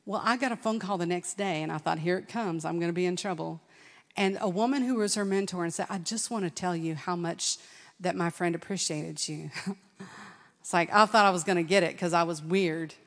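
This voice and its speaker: Animated woman preaching in a hall. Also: on the low side, fairly quick. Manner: animated storytelling with laughs and acted-out quotes. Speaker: conference speaker. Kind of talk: testimony sermon. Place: large church hall. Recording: long hall reverb.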